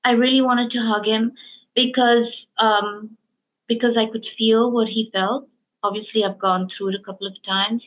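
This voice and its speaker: A woman hosting a casual interview speaks in a fairly high voice at normal speed with a flat delivery. Based in Hong Kong, she tells stories emotionally and ramblingly, full of fillers, over a tinny, phone-like line.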